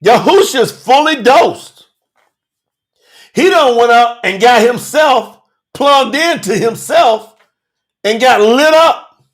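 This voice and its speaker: In a livestreamed Bible study sermon, a man acting as a podcast host teaches scripture with emphatic preaching, casual street slang and a barrage of rhetorical questions. His voice is very high and animated, and he speaks slowly with frequent pauses.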